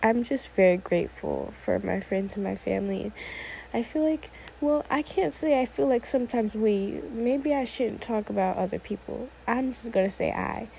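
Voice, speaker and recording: An eighteen-year-old woman talking alone on her own podcast, her voice mellow and low in tone with a lot of vocal fry. She rambles and wanders off topic, filling her speech with "like" and "oh my gosh.". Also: moderate pace, a little hiss or hum, poor audio. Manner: rambling, often sidetracked, many "like"s. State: a little emotional, teary. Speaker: podcast host. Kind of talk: casual solo podcast monologue.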